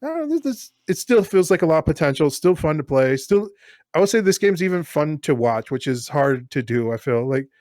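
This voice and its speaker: A man's voice: fairly high pitch, a little fast, no room sound, studio quality. Chatty man rambling on a podcast. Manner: rambling, filler-heavy, animated storytelling. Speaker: podcast co-host. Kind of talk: casual chat.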